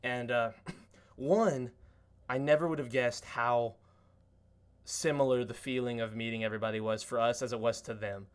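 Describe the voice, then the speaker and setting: A man talking on a podcast with an average pitch, telling stories of meeting friends with lively excitement. He swears a lot and jumps far up in pitch when acting out what people said. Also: moderate pace, smooth. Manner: excited storytelling, lots of cursing and fillers; acts out quotes in a much higher voice. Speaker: podcast guest. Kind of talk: casual podcast chat.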